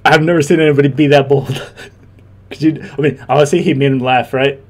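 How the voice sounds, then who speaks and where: A man's voice: mid-range voice, fairly even intonation, fairly quick, a little mellow. A young man and former Marine giving casual reaction commentary, laughing often and rambling with many restarts.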